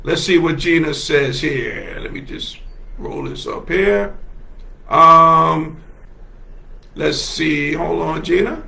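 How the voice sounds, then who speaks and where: A man's voice: on the high side, slow pace, vocal fry, pushed and bright. A man hosting a solo livestream, talking with passion and heavy emphasis, laughing often and repeating himself as he reads viewer comments. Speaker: host.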